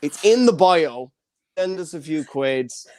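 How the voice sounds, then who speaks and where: Rambling young Irish comedy host. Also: male voice, fairly high pitch, expressive, takes it slowly, a little mellow, slight background noise. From Ireland. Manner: rambling, self-deprecating, cheeky. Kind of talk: online stand-up set and hosting. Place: home, streamed online. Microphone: video call.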